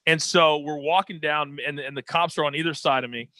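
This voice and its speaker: Bright, energetic male storyteller. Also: on the high side, a little fast, no room sound. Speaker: interview guest. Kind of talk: animated storytelling.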